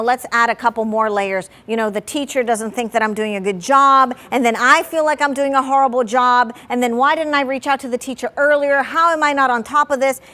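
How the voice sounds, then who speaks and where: A woman family therapist talking candidly about parenting, animated and full of "like", acting out her own past anger. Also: fairly high pitch.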